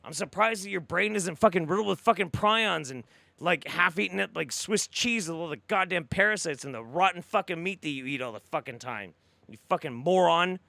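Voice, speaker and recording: A man rants through reaction commentary in a high, bright, edgy voice. He swears constantly and swings from shouting fury to a muttered calm, with a gravelly rasp underneath. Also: a little fast, no room sound. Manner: profane, furious ranting, swings to mock calm. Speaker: commentary streamer.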